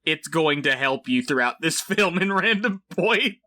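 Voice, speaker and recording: A man co-hosting a casual film podcast with a bright, forceful voice. His pitch swings widely as he jokes, swears and acts out scenes in goofy voices. He speaks a little higher than most men. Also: measured pace. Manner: animated, profane, acts out scenes in silly voices. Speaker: podcast co-host. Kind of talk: casual film review chat.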